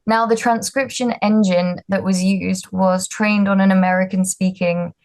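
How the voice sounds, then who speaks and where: A woman's voice: mid-range voice, fairly even intonation, moderate pace, a little mellow. Candid young woman founder telling her story. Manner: candid, self-deprecating, frequent fillers. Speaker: startup founder speaker. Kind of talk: casual storytelling talk.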